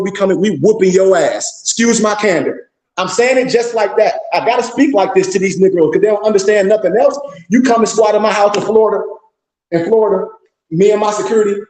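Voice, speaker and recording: A man's voice: high voice, darkish tone. A middle-aged man who leads a temple, speaking with an African American Vernacular English accent and giving a blunt, profane, scolding street-style lecture. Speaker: temple leader. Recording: echoey room.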